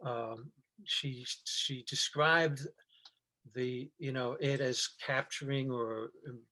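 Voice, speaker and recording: A middle-aged man in loose, rambling conversation, circling his point through stops, restarts and plenty of fillers. His voice sits at an ordinary pitch for a man, neither high nor low. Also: fairly even intonation, takes it slowly, pushed and bright. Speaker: guest actor. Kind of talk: casual chat.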